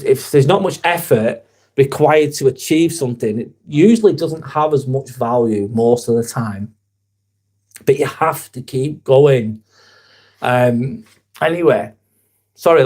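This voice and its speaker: A man's voice: mid-range voice, expressive, a little slow, darkish tone. A young man hosts a casual live vlog, talking in an earnest, rambling way and swearing casually. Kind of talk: casual live-stream chat.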